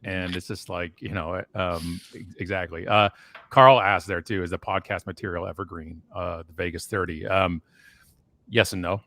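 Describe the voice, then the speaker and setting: A man in his forties on a video call, telling stories in a casual, animated way that often slides into a rant. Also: deep voice, moderate pace, no echo. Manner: animated ranting storyteller. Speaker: guest. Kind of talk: casual chat on a live stream.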